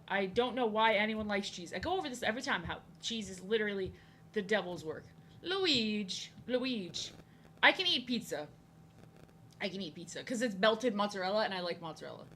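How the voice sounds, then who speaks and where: A woman's voice: medium pitch, bright, forceful tone, slight background noise. A young woman streaming her drawing, chatting casually in a rambling, playful way, greeting viewers and often stumbling and restarting her words. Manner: frequent stammered restarts. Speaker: art streamer. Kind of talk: casual live-stream chat while drawing.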